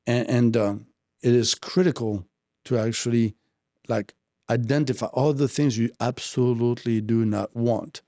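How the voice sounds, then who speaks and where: A podcast host talking reflectively, with frequent pauses and restarts. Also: male voice, mid-range voice, a little mellow. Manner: reflective, halting, many fillers and restarts. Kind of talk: casual conversation.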